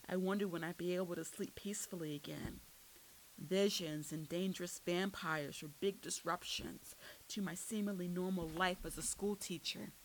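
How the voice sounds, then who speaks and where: A woman narrating a first-person story aloud, dramatic and building to loud outbursts at tense moments. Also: lowish voice, steady tone, moderate pace, poor audio. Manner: dramatic, rises sharply for shouted lines. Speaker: audiobook narrator. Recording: faint hiss.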